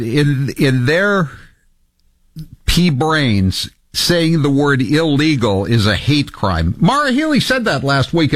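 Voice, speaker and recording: Man, talk radio host, opinionated, lively pitch, dry studio sound. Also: no echo. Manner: animated, reads quotes aloud, indignant.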